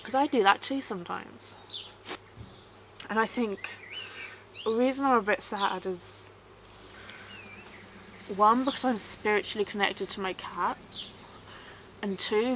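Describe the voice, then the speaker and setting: Woman, personal vlog, soft and halting, sorrowful, repeats herself, outdoor recording with clear noise. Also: mid-range voice, steady tone. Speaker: vlogger.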